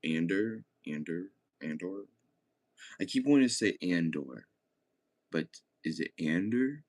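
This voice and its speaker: Young male streamer, very low voice, loose rambling chat with frequent swearing. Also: expressive, measured pace, darkish tone. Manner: laid-back, swears often, rambling. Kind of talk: casual chat.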